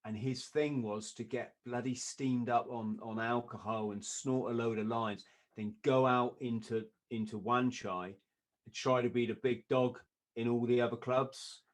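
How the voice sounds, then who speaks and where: A man, a podcast guest, telling a story in a lively way, often laughing and acting out what others said. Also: mid-range voice, measured pace. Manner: lively, acts out quoted voices, laughs often.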